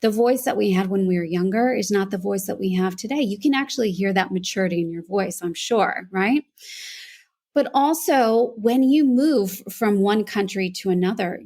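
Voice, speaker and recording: A woman's voice: mid-range voice, darkish tone. Earnest American woman voice coach. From United States. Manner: reflective, earnest storytelling. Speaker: guest, voice coach. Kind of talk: podcast interview.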